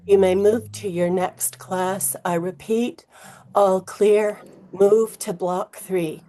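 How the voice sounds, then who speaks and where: Lady doing a calm school intercom announcer, steady, kinda clipped. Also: medium pitch, takes it slowly, close to an everyday voice. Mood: tense calm. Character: adult woman school staffer on intercom, calm.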